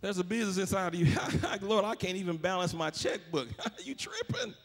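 A male pastor a sermon, building to shouts with a rhythmic "uh" cadence. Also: high voice, fairly even intonation, fast.

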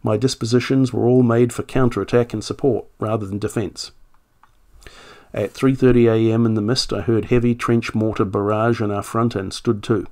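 A man reading out a wartime army captain's statement in a put-on voice, formal, measured and official. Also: on the low side, flat delivery, warm tone, natural voice. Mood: formal, reporting. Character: British army captain, adult man, formal and matter-of-fact.

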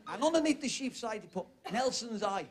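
A man doing stand-up on a TV studio stage, telling jokes in a quick, punchy way and chuckling at his own lines. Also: very high-pitched, lively intonation, a faint crowd. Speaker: stand-up comedian. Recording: loud studio audience laughter and noise.

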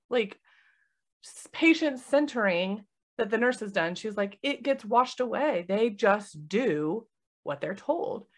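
A woman's voice: medium pitch, slow. A woman who is a nurse and podcast host, chatting casually and acting out the conversations she retells. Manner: animated storytelling, acting out quoted conversations.

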